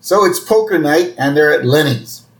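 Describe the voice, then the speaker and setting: A man co-hosting a podcast, casually recapping a cartoon episode and acting out the characters' lines with loud bursts. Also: a little high, expressive, moderate pace. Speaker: podcast co-host. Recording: roomy echoey sound.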